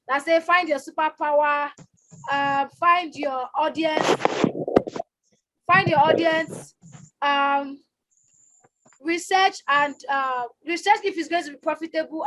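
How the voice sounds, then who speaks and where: A woman coaching on a live stream, energetic and loud, who likes to shout and repeats herself for emphasis. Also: very high voice. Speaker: online business coach. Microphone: phone or webcam on a live stream.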